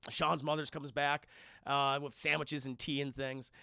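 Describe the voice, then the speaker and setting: A man excitedly recapping a film for his live-stream chat, swearing freely and acting out the characters' lines in shifting voices. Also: medium pitch, unhurried, gravelly, no room sound, studio quality. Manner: excitable, profane, keeps addressing chat.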